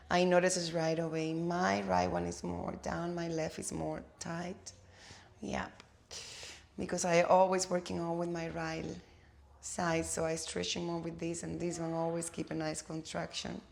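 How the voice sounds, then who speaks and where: A woman teaching a gentle yoga class, coaxing and easy, with slightly non-native phrasing. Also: mid-range voice, gravelly.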